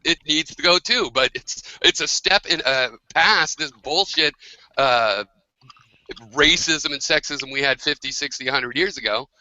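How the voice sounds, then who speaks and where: A man's voice: a little high, unhurried, bright, forceful tone, no echo, dull audio. A man hosting a heated online debate, arguing insistently and swearing at his opponents. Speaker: host.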